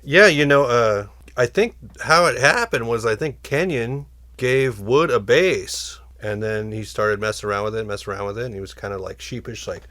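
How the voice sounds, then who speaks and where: A man talking as a podcast guest, rambling through stories with many restarts and getting animated as he goes. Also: medium pitch, normal speed, hardly any pauses. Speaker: guest musician and instrument builder. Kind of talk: casual podcast conversation.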